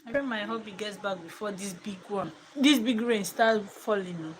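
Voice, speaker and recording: A woman, a mother chatting casually to camera from her living room, reflective and quick to laugh. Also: mid-range voice, a little hiss or hum, poor audio. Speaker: mother and home vlogger.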